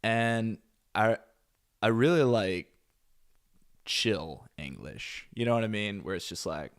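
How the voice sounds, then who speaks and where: A deep-voiced man with a gravelly edge chats bluntly through a casual reaction stream. His pitch swings a lot as he rambles with fillers and asides. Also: lively intonation, takes it slowly, pauses often.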